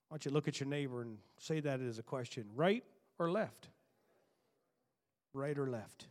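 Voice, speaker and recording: A male preacher with a somewhat high voice delivers a sermon. He moves from scripture reading and prayer into emphatic, rising bursts. Along the way he teases his listeners with playful jabs. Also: animated, normal speed, long pauses.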